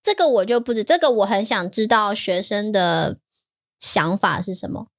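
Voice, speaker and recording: A woman's voice: mid-range voice, animated, moderate pace. A woman from Taiwan with a Taiwanese Mandarin accent, co-hosting a casual bilingual podcast, patiently explaining, mixing Mandarin and English and laughing often. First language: Mandarin Chinese. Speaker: podcast co-host and Mandarin teacher.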